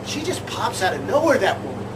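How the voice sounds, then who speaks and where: A man's voice: high-pitched, wildly swooping pitch, brisk, distant mic, very noisy. A man co-hosting a comic sports show, jokey and rambling. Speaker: co-host.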